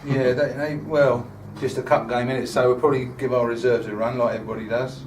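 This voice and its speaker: A man's voice: medium pitch, level tone, fast talker, background noise. A man hosting a casual supporters' club chat show, talking chattily through fixtures and signing off cheerfully. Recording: echoey room, voice from far off the mic.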